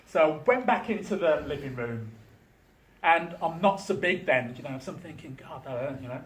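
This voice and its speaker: A slightly high-voiced man in his fifties gives a speech at a meeting. He tells personal stories with dry humour, like chatting with the crowd. The sound rings around an echoey meeting room. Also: expressive, normal speed. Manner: conversational storytelling with dry humour. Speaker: union official, guest speaker.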